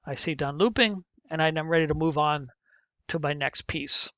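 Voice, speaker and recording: A man's voice: on the high side, moderate pace, a bit bright, no echo. A middle-aged male teacher walking through a programming lesson step by step, muttering to himself as he types. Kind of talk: screen-recorded coding lesson. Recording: muffled, dull lo-fi mic.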